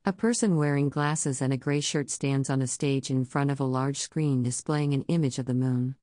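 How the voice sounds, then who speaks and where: A woman reads an audio description of the scene, neutral and even. Her voice is strikingly deep for a woman. The sound is dry and close, with no room around it. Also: moderate pace, no room sound. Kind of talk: scripted narration.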